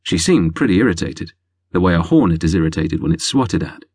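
A man reading a romance audiobook in scripted narration, wry and lively. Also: sits low, fairly quick, husky, dry recording.

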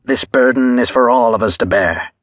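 A man's voice: mid-range voice, moderate pace, no room sound, studio quality, natural voice. A man playing a stern chairman who leads a lynch mob, speaking harshly and commandingly. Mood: harsh command.

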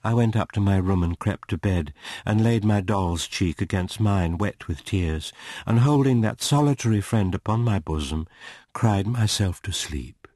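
A man reading a classic novel aloud as an audiobook narrator, measured and expressive. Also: on the low side, dry recording, clean studio sound.

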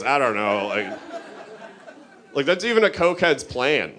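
A man from Chicago doing a stand-up comedy set, rambling loosely and jumping up in pitch for quoted rants. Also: sing-song, moderate pace, long pauses, fairly bright tone, a faint crowd, a little hiss or hum.

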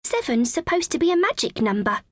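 A woman voicing an imaginative, excited schoolgirl friend in a children's audiobook. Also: high voice, a little fast, no room sound, pitched above the performer's own voice.

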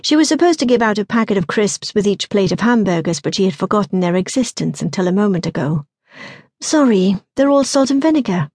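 A woman narrates a suspense novel in a measured, even way. Her voice sits at a middling pitch, and the studio sound is dry and close with no room echo. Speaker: audiobook narrator. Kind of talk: scripted narration.

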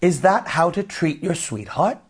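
A man's voice: a little high, very animated, moderate pace, breathy edge, full character voice. A man doing cheerful young husband Jamie. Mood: teasing. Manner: playful, coaxing.

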